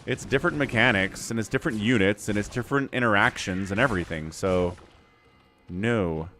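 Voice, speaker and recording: A man casting a live-streamed strategy game, chatting with viewers and breaking into excited play-by-play during fights. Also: fairly low pitch, a little fast, faint music behind.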